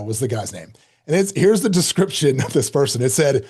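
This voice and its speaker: A middle-aged man telling a story as a podcast guest, lively and self-mocking, acting out quoted lines. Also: on the high side, quick pace, slightly rough. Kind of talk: animated storytelling in an interview.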